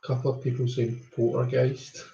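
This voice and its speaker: A man's voice: medium pitch, little pitch movement, brisk, vocal fry, warm tone. A Scottish man chats casually on a live stream, greeting viewers by name and wandering off track with plenty of ums. The sound is roomy and echoey, and slightly dull and lo-fi. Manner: chatty, greets viewers one by one, rambles with many ums. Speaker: tarot reader hosting a live stream.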